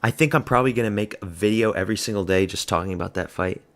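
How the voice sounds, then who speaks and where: A man's voice: fairly low pitch, racing, a bit bright. A man giving casual, rambling live reaction commentary at a fight watch party, blunt and offhand. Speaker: MMA fan host of a watch party stream.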